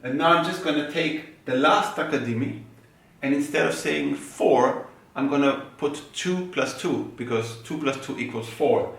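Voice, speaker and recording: A man's voice: fairly high pitch, unhurried, vocal fry, a bit bright. Man teaching rhythm in an echoey room. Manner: patient step-by-step explaining, chanting syllables in time. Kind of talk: music lesson with spoken rhythm syllables. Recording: very echoey room, mic far off.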